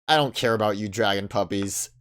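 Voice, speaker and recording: A man's voice: lowish voice, a little fast, fairly bright tone. A man hosting a let's play, making wry, offhand asides about the game. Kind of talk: casual game commentary.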